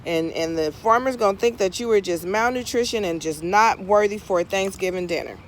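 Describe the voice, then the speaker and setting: A woman voicing a kind spirit ghost who comforts a scared turkey and rushes to hatch plans in a told story. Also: medium pitch, slight background noise, lightly acted. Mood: urgent. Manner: soothing, then hurried planning. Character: kindly spirit ghost, reassuring and scheming.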